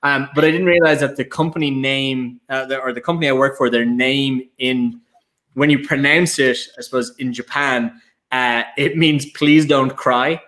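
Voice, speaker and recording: A young man with an Irish accent chats casually on a panel. His voice sits at a middling pitch, and he tells stories about himself in a rambling way, with plenty of restarts and fillers. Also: fairly even intonation, normal speed, fairly bright tone. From Ireland. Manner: rambling storyteller, many fillers and restarts, self-mocking laughs. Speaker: whiskey brand ambassador, panelist. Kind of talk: casual anecdotal chat.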